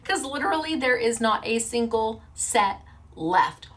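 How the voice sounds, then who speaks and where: A woman's voice: a little high, lively intonation, a bit bright. A woman hosting a crafting show, chatting casually to viewers in an earnest, emotional way. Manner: earnest and emotional, quick to tear up.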